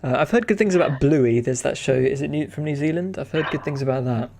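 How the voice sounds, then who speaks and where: A man's voice: medium pitch, fast talker, gravelly, darkish tone. A man chatting casually on a game dev live stream, rambling and hesitant with many fillers and chuckles.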